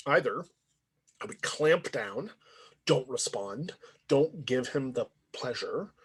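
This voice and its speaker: A man's voice: mid-range voice, animated, takes it slowly, slightly rough. A man lecturing in a conversational, reflective way, often checking in with "right?". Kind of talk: university lecture.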